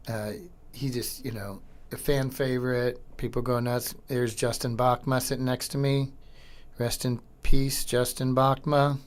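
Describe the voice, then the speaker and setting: A middle-aged man hosting a podcast comments casually and excitedly over old skateboarding footage, using slang and swearing. He has a mid-range voice.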